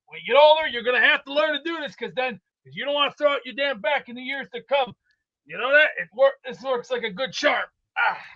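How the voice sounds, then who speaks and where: A man rambling excitedly about football and cooking in a boastful, comedic way, slightly out of breath. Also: extremely high pitch, a little fast. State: out of breath from exercise. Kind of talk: rambling comedic sports chat. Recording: dull lo-fi sound.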